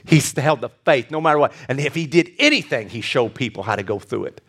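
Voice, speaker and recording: A male pastor with a mid-range voice talks fast as he preaches, telling stories with animation and voicing the people in them. For tender moments he drops to a soft hush.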